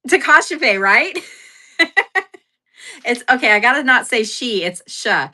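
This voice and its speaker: Bright-toned giggly woman livestream host. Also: a little high, expressive, takes it slowly, long pauses. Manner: giggly, self-deprecating, rambling with fillers. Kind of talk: casual livestream chat.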